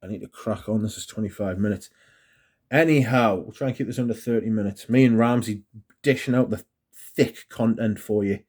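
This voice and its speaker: A man talks through perfumes in a loose, rambling way, laughing at himself as he goes. His voice sits a little low. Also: a little fast, a little mellow, husky. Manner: chatty, rambling, self-mocking. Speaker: fragrance reviewer. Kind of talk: casual review monologue.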